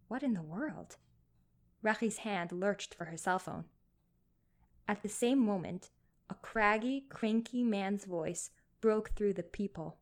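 A woman narrating a story in a measured, gently expressive reading. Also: mid-range voice.

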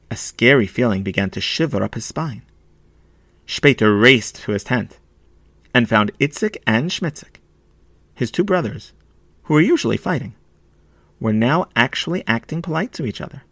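A man narrating a children's story expressively, slowing and hushing for sad moments. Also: medium pitch, expressive, breathy edge, dry recording. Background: faint violin music.

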